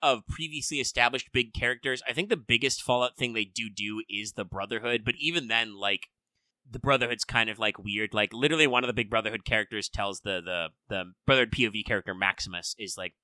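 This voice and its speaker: A man co-hosting a casual chat about games and shows, rambling with lots of fillers and quick mock voices. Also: fairly low pitch, pushed and bright, no echo. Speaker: podcast co-host.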